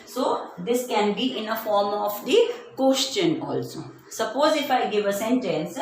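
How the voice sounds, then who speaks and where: Woman, patient grammar teacher for kids, slow delivery, very echoey room. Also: mid-range voice, lively intonation. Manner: slow, deliberate, stretches out example words. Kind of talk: grammar lesson for children. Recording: very echoey room, faint hum.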